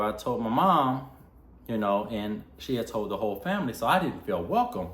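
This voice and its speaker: A man's voice: lowish voice, sing-song, moderate pace, fairly bright tone. A young man vlogging a candid personal story, heartfelt and acting out the dialogue he quotes. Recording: roomy echo.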